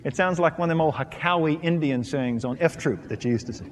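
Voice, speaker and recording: High-voiced preacher man in echoing hall. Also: fairly quick, a little hiss or hum. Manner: storytelling, emphatic preaching with punchy repeated phrases. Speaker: pastor. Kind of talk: sermon.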